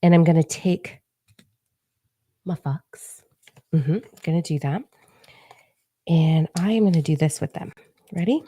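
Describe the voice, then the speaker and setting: A woman's voice: low-pitched, moderate pace, long pauses, warm tone, no room sound. A woman in her forties, a spiritual advisor talking casually on her vlog, blunt, profane and playfully mocking.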